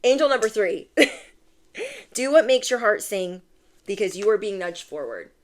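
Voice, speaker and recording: With a mid-range voice that swings widely in pitch, a young woman reads tarot for her viewers at a measured pace. Her chatty, gushing style is packed with "like"s and exclamations of "oh my gosh."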